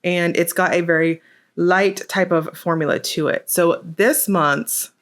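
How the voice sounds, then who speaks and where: Reviewing nail polish, this woman unboxes a product while rambling casually with fillers, poking fun at herself in a jokey way. Her low-leaning, slightly bright voice stays steady in tone and measured in pace.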